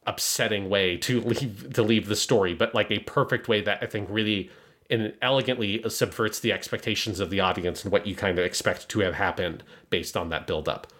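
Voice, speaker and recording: A man casually breaking down an anime episode, animated and analytical, with many fillers. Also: on the low side, brisk. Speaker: podcast co-host.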